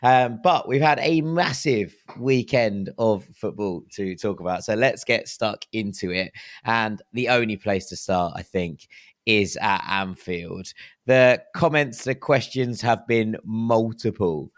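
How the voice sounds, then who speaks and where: A man in his thirties hosting a football podcast, relaxed and jokey, reading out listener comments. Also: lowish voice, measured pace. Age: 30s. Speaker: podcast host. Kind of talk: casual football podcast chat.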